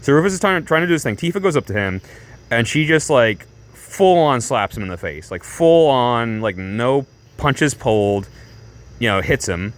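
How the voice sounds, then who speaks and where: A man's voice: medium pitch, moderate pace. Rambling man telling a story. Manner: rambling, heavy on fillers and restarts; animated, breaks into laughs. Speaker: vlogger.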